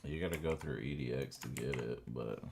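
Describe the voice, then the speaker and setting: A man's voice: rumbling low, brisk, creaky, noisy background. A man working through a coding course at his home computer, muttering and cursing in frustration at code that will not work, while keys click faintly behind him. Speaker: self-taught coding student. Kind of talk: unscripted screen-recorded vlog.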